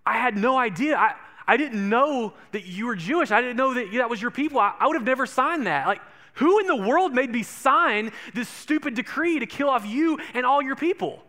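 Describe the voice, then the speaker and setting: A man's voice: animated, normal speed, bright, forceful tone, exaggerated voice. A man voicing an indignant, rash and childish ancient king who exclaims in a raised voice. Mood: outraged. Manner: exclaiming, voice jumping high.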